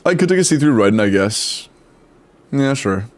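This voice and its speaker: Young adult male streamer, relaxed chatter, quick greetings, casual cursing. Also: medium pitch. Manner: chatty, greets chat rapidly, swears casually. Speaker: streamer reviewing game accounts. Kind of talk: casual live stream chat.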